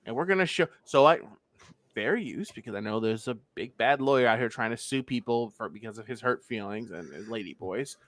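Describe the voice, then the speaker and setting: Animated Pennsylvania-born streamer man. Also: mid-range voice, brisk, dry recording. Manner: walks through a legal filing, skips boilerplate with "blah, blah". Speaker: livestream host. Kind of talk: casual livestream commentary.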